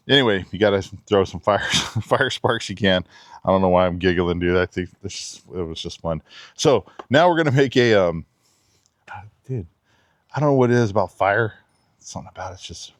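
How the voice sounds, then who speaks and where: A low-voiced man talks through a knife demo in a relaxed, chatty way, breaking into small giggles now and then. The sound is dry and close, with no room around it. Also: dry recording. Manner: chatty, laid-back, giggly asides. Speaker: knife reviewer. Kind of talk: casual outdoor demo talk. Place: backyard outdoors.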